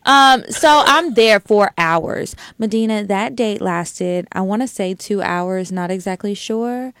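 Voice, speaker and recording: A woman's voice: medium pitch, expressive, a little slow, hardly any pauses, fairly bright tone, no room sound, clean studio sound. Blunt young woman, casual podcast chat. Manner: blunt, frank, swears casually. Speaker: podcast co-host.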